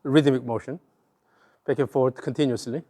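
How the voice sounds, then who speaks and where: Man coaching a golf swing, warm voice. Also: medium pitch, steady tone, normal speed. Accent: Korean. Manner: instructive, repeats cues rhythmically. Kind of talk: hands-on coaching.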